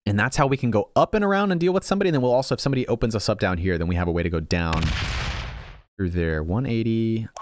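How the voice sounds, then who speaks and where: Low-voiced man thinking aloud over a game. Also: expressive, rapid-fire, noisy background. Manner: thinks aloud, self-mocking, frequent restarts. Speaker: gaming channel host. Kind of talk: casual strategy game commentary.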